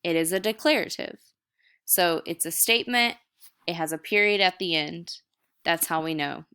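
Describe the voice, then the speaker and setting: A young woman teaching a recorded lesson, with a bright, crisp voice set a little low. She walks through each point step by step in easy, casual teacher talk. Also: normal speed.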